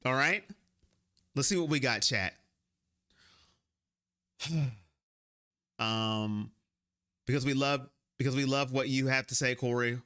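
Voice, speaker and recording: A man's voice: medium pitch, slow pace, long pauses, clean tone. A man hosting a casual sports fan livestream, greeting chat by name and riffing emphatically. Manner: animated, reads chat names, paraphrases a player in an emphatic voice.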